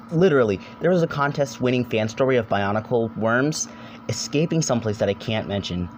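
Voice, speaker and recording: A man's voice: mid-range voice, slight background noise. Rambling jokey young man. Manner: rambling, jokey, swears, quick silly voices. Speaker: video essayist. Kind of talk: casual comedic video essay narration.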